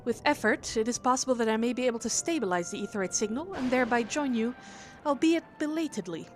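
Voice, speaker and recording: Woman reading as a poised game scholar, formal and measured, fairly high voice. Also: expressive, faint music behind, close to an everyday voice. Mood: thoughtful. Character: calm, learned female scholar.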